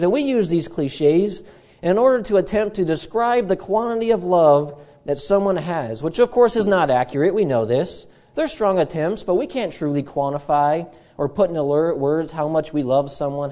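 A man preaching in a relaxed, storytelling way, his voice sitting a little high yet sounding warm and mellow. He jokes at his own expense and keeps slipping in chatty asides as he builds toward his point. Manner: chatty, self-mocking, many asides. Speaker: pastor. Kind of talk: humorous storytelling sermon.

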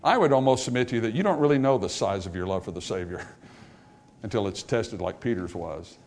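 A pastor preaching a sermon in a church, swinging between emphatic high points and hushed, soft passages. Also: male voice, expressive, a little fast. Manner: dynamic preaching, rising to emphatic highs and dropping to hushed lows. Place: church sanctuary.

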